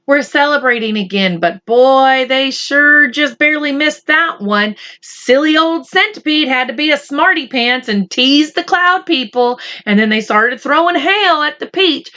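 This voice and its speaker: A woman reading a chapter book aloud for children in a gentle, teacherly way, talking to the boys and girls. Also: high-pitched. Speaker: children's story reader. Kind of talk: read-aloud for kids.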